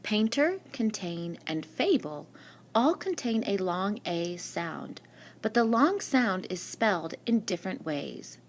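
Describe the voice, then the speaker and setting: Slow, patient woman teaching spelling. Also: mid-range voice, sing-song, a little hiss or hum. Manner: slow, patient, asks and answers her own questions. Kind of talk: recorded spelling lesson. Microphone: screen-recording mic.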